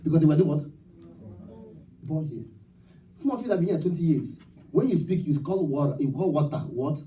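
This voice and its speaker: High, lively preaching man. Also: a little fast, distant mic, slight background noise, low-quality recording. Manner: rousing call-and-response preaching with rhetorical questions. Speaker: pastor. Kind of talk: sermon. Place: church sanctuary at a live service.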